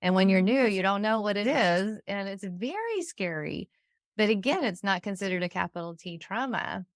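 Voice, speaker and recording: A woman's voice: medium pitch, animated, normal speed, no echo, studio quality. A middle-aged woman hosting a podcast, explaining in an earnest, conversational way. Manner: earnest, explanatory, frequent "you know". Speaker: podcast host. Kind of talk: conversational interview.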